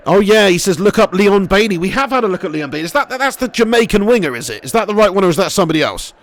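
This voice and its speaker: A young man commentating a football game live, reading chat, swearing and getting loud at goals. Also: high voice, fast. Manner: excitable, swears freely, shouts at goals. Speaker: streamer playing a football career mode.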